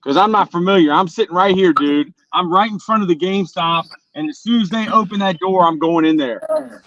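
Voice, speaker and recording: A man's voice: high voice, a little fast, a bit bright, no echo. A man hosting a live stream, talking in an upbeat, chatty way. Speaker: stream host. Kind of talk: casual live-stream chat. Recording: dull, slightly noisy audio.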